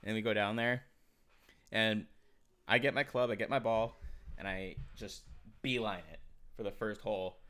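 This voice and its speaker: A podcast co-host telling a loud story with crude language and laughs. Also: mid-range voice, fairly even intonation, moderate pace, long pauses. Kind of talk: casual chat, storytelling.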